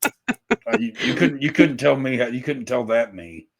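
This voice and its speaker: A man's voice: medium pitch, wildly swooping pitch, moderate pace, vocal fry. A man, chatting on a podcast in a rambling, profane and self-mocking way. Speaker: podcast guest, musician. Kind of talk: casual podcast chat.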